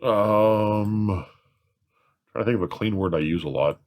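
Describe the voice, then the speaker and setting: A man's voice: fairly low pitch, unhurried, a little mellow. A man hosting a casual question-and-answer chat, rambling through long explanations with chuckles. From California. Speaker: host.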